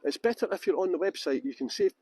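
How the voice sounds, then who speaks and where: A man's voice: high-pitched, expressive, fast, a little mellow, slightly rough, poor audio. A man with a Scottish accent, guiding a live-streamed walking tour outdoors, chatting and joking with viewers through a handheld phone. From England. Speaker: tour guide. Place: outdoors in castle grounds.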